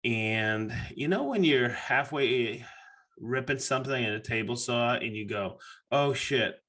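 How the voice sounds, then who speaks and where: Man, podcast host, bright and forceful, casual storyteller, profane, acts out his reactions. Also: mid-range voice, animated, measured pace.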